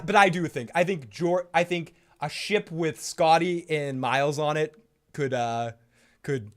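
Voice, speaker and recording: A man hosting a casual, opinionated chat, rambling and profane, with playful bursts of impressions. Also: fairly high pitch. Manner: profane and rambling, full of restarts. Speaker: host.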